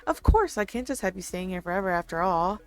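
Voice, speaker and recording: A woman's voice: medium pitch, lively intonation, quick pace, close to an everyday voice. A woman voicing a smug, playful goddess who hosts a deadly game, with a teasing, cocky manner. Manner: teasing, cocky, sing-song.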